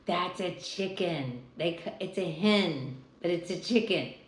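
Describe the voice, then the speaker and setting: An older woman, a grandmother, reading a picture book to a small child, asking gentle questions and making animal sounds. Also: on the low side, lively intonation, a little slow, echoey room.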